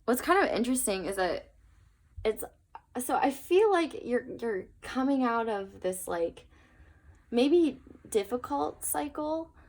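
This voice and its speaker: A woman's voice: fairly high pitch, sing-song, slow pace. A young woman giving a casual tarot reading to her viewers, chatty and earnest, with plenty of fillers and trailing asides. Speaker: tarot reader.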